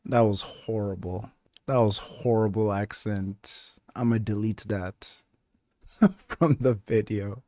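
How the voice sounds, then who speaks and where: A man's voice: fairly low pitch, slow, mellow, dry recording, studio quality. A man hosting a reaction video, joking and laughing often at the show. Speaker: reaction channel host. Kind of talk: casual reaction commentary.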